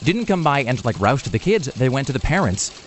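A man's voice: mid-range voice, big pitch swings, slight background noise. A man co-hosting a casual talk show, rambling and sarcastic. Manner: rambling, sarcastic, quick talker. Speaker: co-host. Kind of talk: casual radio chat.

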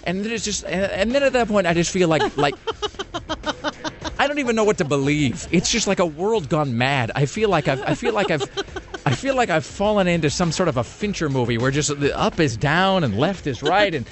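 A man's voice: on the high side, animated, brisk. A man, a radio show host, telling a long self-mocking story in casual chat, rambling with comic asides.

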